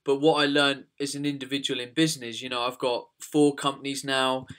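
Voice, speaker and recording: A man's voice: mid-range voice, little pitch movement, brisk, fairly bright tone, smooth. A man with an English accent hosting a podcast, speaking frankly and reflectively in casual chat. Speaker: podcast host, nutritionist.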